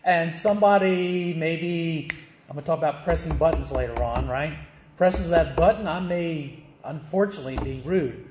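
Preacher guy, middle-aged, chatty sermon w lots of questions to the room, kinda high voice. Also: normal speed, darkish tone, a little hiss or hum. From American South. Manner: conversational preaching with rhetorical questions. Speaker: pastor. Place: church. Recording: echoey church hall.

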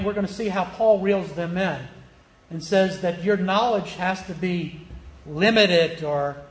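A man's voice: sits high, reverberant. A male pastor preaching a sermon and reading scripture aloud. He speaks with emphasis, stretches key words and checks in with his listeners through rhetorical questions.

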